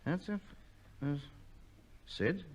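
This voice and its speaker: A man's voice: sits high, big pitch swings, very slow. A British man in a 1950s radio comedy, talking in a pompous, blustering, self-important way. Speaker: comedy lead. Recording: hissy old radio recording.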